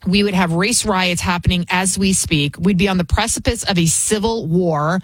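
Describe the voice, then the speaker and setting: A woman's voice: fairly low pitch, normal speed, no echo. A woman talk show host delivering political commentary in a combative, sarcastic manner. She leans hard on emphatic phrases. The recording is dry and close, with no room sound.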